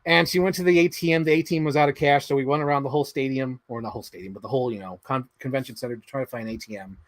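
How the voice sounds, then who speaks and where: A man's voice: medium pitch, fairly even intonation, very fast, no echo. A man hosting a casual livestream, rambling through anecdotes and swearing casually. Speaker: host.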